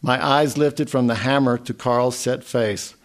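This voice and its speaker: A man reading a literary memoir story aloud in a measured way. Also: mid-range voice, steady tone. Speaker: narrator.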